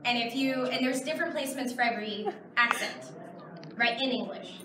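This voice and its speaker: A woman's voice: fairly high pitch, fairly quick, distant mic, noisy background. Woman talking in a big echoey convention hall. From Texas. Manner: chatty, explains with many fillers. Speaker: convention panel guest. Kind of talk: audience Q and A. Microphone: far camera in the audience.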